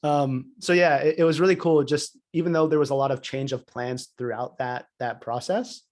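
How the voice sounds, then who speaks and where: A man's voice: mid-range voice, normal speed. A man on a podcast, telling a personal story in casual chat, full of "like" fillers. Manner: animated storytelling, many "like" fillers. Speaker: podcast co-host.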